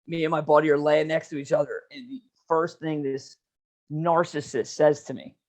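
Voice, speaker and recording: A young man with a notably high voice tells a story on a podcast. He is animated and slangy, swears freely and drops "dude" into nearly every sentence. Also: normal speed. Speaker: podcast co-host. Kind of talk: casual storytelling chat.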